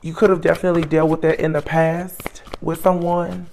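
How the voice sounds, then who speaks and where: A woman giving a solo tarot reading, musing aloud as she names each card, with soft exclamations along the way. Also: on the low side, flat delivery, moderate pace, creaky, a little hiss or hum. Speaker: tarot reader.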